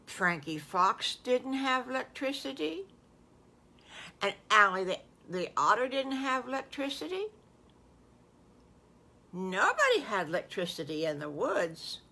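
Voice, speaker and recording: Older woman, grandmother storyteller, folksy, repetitive, meandering, bright tone. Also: on the high side, big pitch swings, a little slow, vocal fry, long pauses. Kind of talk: improvised children's storytelling.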